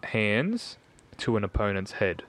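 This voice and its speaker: A man's voice: fairly low pitch, sing-song, unhurried, a bit bright. A man, giving blunt, emphatic opinions as a podcast co-host in casual sports chat. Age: 20s.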